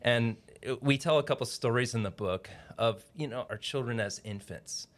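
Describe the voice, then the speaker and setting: A man's voice: medium pitch, moderate pace. A middle-aged man, a pastor and guest author, talking in a casual podcast interview and telling family stories with growing animation. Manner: warm storyteller, grows animated and laughing in anecdotes.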